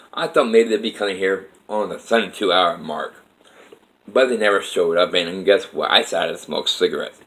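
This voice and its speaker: A man with a lowish voice talks straight to camera about his life. He rambles and circles back, earnest and plainspoken, with swearing dropped in casually. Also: fairly bright tone, rough recording. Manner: earnest, meandering, frequent profanity. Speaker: vlogger telling his life story. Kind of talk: rambling personal monologue.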